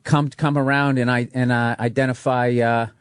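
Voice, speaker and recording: A man chatting on a radio talk show, telling animated, profane stories and acting out scenes as he goes. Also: medium pitch, normal speed, smooth, dry recording, studio quality. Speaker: radio show co-host or guest.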